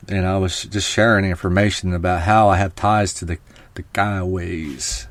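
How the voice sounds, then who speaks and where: A man's voice: low voice, steady tone, normal speed, dry recording. A man hosting a live podcast stream, talking casually and rambling to his viewers. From Oklahoma. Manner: chatty, rambling, talks to viewers. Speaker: podcast host.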